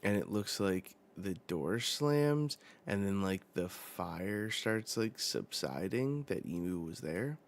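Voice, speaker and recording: A man hosting a casual live reaction while reading a manga chapter aloud. He talks in a relaxed, rambling way with many fillers. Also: sits low, slow, few pauses.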